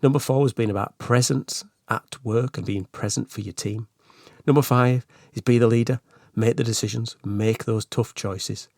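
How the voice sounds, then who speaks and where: A man's voice: medium pitch, steady tone, moderate pace, a little mellow, dry recording, studio quality. A man hosting a solo podcast on management, talking in a chatty, earnest way with asides and restarts. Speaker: podcast host.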